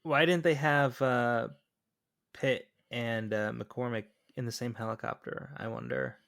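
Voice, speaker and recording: A man with an ordinary mid-range voice chats about a film on a podcast. He jokes loosely, pauses with "uh" and tosses out rhetorical questions. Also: mid-range voice, animated, gravelly, fairly bright tone. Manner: loose and joking, trails off with "uh". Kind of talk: casual movie chat.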